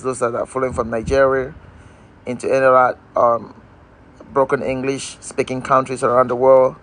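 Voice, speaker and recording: A man's voice: medium pitch, level tone, normal speed. A man hosting a casual live-stream outdoors, speaking in a repetitive, emphatic, inspirational way. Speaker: motivational livestream host.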